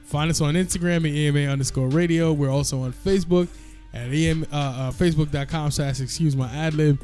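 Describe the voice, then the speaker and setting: A man's voice: a little high, steady tone, a little fast, mellow, soft background music. A man from Guyana co-hosting a podcast, bantering casually with slang and frequent laughter. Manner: joking, laughs often, slangy. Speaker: podcast co-host.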